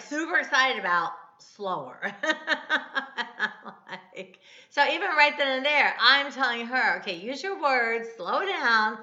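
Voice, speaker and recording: A woman's voice: mid-range voice, sharp tone, roomy sound, highs cut off. A woman in her fifties, a podcast host rambling and correcting herself in a casual devotional talk. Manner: chatty, rambling, self-correcting.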